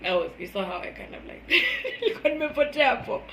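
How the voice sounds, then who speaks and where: A woman's voice: lively intonation, normal speed. Earnest woman in an echoey room. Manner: earnest, emotional, swings from soft and low to loud and high. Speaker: vlogger. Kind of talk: casual spoken testimony.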